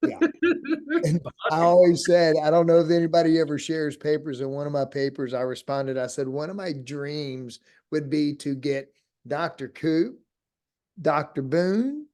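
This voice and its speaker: A man's voice: fairly high pitch, mellow. Jokey man with a raised voice. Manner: jokey, effusive, drawn-out phrasing. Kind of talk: casual chat.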